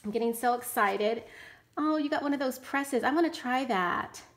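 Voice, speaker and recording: A woman hosting a casual crafting vlog, unboxing mail and gushing over handmade cards with lots of excited exclamations. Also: sits high, normal speed. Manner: gushing and enthusiastic, frequent exclamations. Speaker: channel host.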